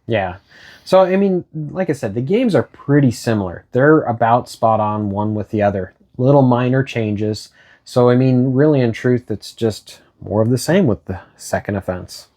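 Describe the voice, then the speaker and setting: A man's voice: mid-range voice, lively intonation, normal speed, dark tone. A man co-hosting a casual video game discussion, leading the talk with hesitant restarts. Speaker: co-host.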